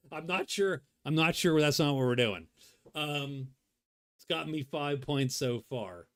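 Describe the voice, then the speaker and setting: A man's voice: on the high side, takes it slowly, a bit bright, dry recording. A man thinking aloud as he plays a solo board game, rambling and muttering to himself. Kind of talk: casual solo playthrough commentary.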